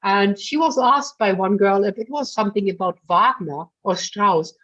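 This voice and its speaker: A woman's voice: medium pitch, moderate pace, a bit bright. A woman leading a singing masterclass, coaching a singer bluntly but affectionately and calling her darling. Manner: blunt, chatty, full of fillers. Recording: dull lo-fi recording.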